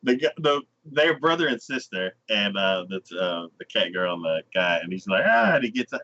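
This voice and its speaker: A man's voice: on the low side, normal speed, bright, forceful tone. A man hosting a podcast, casually recapping an anime episode and acting out its characters in exaggerated voices. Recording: dull lo-fi podcast audio.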